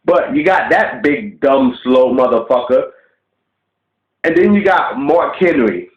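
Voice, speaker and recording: A man's voice: mid-range voice, expressive, slow pace. Ranting man, blunt and profane. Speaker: vlogger. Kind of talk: casual rant to camera. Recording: roomy, dull lo-fi webcam audio.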